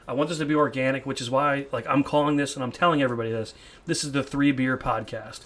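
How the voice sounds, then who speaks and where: A bright, forceful young man hosts a laid-back podcast from his home man cave. He rambles, trips over repeated words and breaks into laughs as he goes. His tone stays loose and chatty. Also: mid-range voice, steady tone, fast. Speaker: podcast host. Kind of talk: casual chat.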